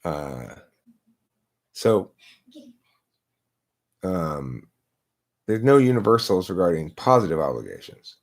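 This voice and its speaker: A low, sing-song voice moves slowly here, pausing often, as a man hosts a live stream into his laptop. His casual philosophical debate takes a lecturing tone, full of rhetorical questions he poses to himself.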